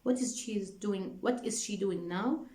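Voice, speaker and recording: A woman's voice: medium pitch, moderate pace, dark tone. A woman teacher explaining a reading text to her students, repeating points and checking with "okay?" as she goes. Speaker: English teacher. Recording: echoey room.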